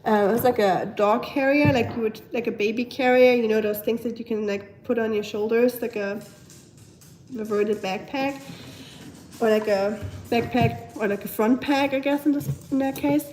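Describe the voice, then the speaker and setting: A young German woman with a German accent, a bit hoarse from a cold, chatting casually on a home live stream, reading viewer comments and talking to her pets. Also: a little high, steady tone, moderate pace, a little mellow, soft background music. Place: at home, indoors.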